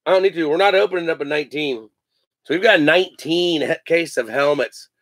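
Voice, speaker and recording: A man's voice: on the high side, a little fast, a bit bright, no room sound. A man hosting a live sports card break, joking, laughing and rattling off player names as he opens packs. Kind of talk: casual live card-opening chat.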